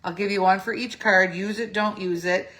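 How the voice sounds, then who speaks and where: In this relaxed craft tutorial, a middle-aged woman explains each step in a chatty way, thinking aloud and catching her own mistakes. Her medium-pitched voice is fairly bright, with fairly even intonation and a moderate pace, and her throat sounds slightly phlegmy.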